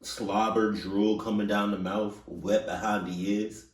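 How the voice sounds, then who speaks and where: A man hosting a reaction video in casual commentary, animated and repeating rhetorical questions. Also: lowish voice, a little slow, recorded from a distance. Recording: roomy sound from off mic.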